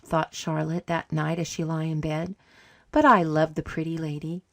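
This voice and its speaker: Calm woman narrating a story. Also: sits low, normal speed, no room sound, studio quality. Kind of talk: scripted narration.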